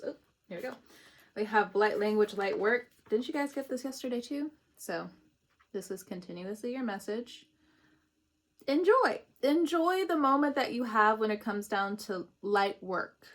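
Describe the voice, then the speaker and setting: Chatty, laughing woman tarot reader. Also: medium pitch. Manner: chatty, laughs often, emotional asides. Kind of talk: casual spiritual reading.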